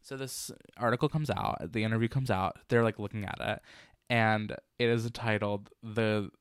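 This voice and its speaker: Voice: medium pitch, steady tone, normal speed, clean tone, no echo, clean studio sound. A podcast co-host chatting casually, rambling and searching for the right words. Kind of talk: casual chat.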